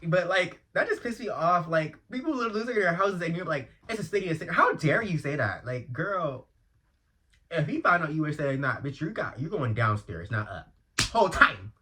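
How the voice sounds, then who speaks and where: A man's voice: fairly high pitch, sing-song, normal speed, slight background noise. Chatty young-sounding man ranting on a podcast. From Los Angeles. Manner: chatty, slangy, loud outbursts when annoyed. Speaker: podcast host. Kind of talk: casual solo podcast rant. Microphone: earphone mic.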